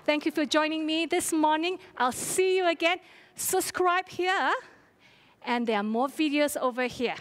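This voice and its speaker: A woman's voice: sits high, a little slow. A woman fitness instructor coaching a live workout, encouraging and cheering her class on while out of breath. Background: faint music.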